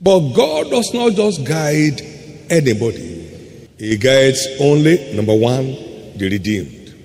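A man's voice: mid-range voice, big pitch swings, gravelly, darkish tone. Male preacher in an echoing hall. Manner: emphatic preaching, swings between quick asides and slow stressed words. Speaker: pastor. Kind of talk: sermon. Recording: faint hum in a long-reverb hall.

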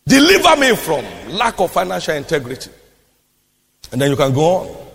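A man preaching a sermon, repeating his lines emphatically and building to shouted declarations. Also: fairly high pitch, normal speed, creaky. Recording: reverberant hall.

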